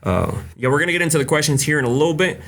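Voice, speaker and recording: A young man hosting a casual livestream, greeting viewers by name with lots of fillers and quick Spanish greetings. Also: a little high, lively intonation, a bit bright. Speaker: livestream host.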